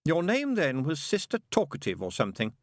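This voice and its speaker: A sly, petulant demon in an audiobook, mocking and quick, as a male narrator puts him on. The voice sits high and leaps wildly in pitch. Dry and close. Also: huge pitch swings, no echo. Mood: sardonic.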